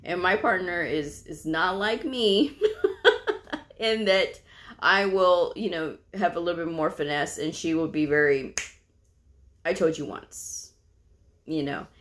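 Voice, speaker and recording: A woman with a fairly low-pitched voice tells a story about her job. She talks casually and drifts into fillers and asides. She sounds relaxed and conversational, like a vlogger chatting to her viewers. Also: a little slow. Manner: laughs while telling the story. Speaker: medical coding vlogger.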